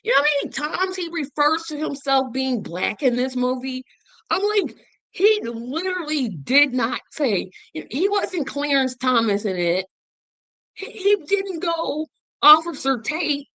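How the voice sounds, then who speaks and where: This is a woman host chatting about a film she just saw. Her pitch leaps up and down and she leans hard on words, repeating them for effect. The sound is dry, with no room echo. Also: big pitch swings, measured pace, pushed and bright. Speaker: show host. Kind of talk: casual movie review chat.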